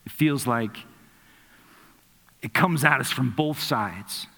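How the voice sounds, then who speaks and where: A man preaching a sermon as a pastor, telling a personal story earnestly, dropping softly into reflective moments. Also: medium pitch, takes it slowly, vocal fry. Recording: long hall reverb.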